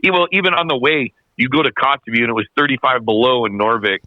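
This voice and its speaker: A man, a podcast guest, telling a racing story in casual, animated, slangy chat, often repeating himself. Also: mid-range voice, fast talker, no echo. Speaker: podcast guest, snowmobile racer. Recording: dull dry podcast audio.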